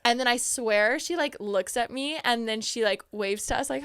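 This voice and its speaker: Young woman, podcast host, bright clear voice, dry close mic, animated storytelling. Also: a little high, fairly quick, no echo. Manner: excitable, animated quoting of herself. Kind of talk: casual storytelling chat.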